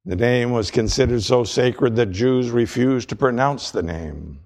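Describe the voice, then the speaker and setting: A man preaching a sermon as pastor, reading scripture aloud in a measured way and slowing down on key words. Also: mid-range voice, a little mellow. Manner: reads scripture and quotes aloud.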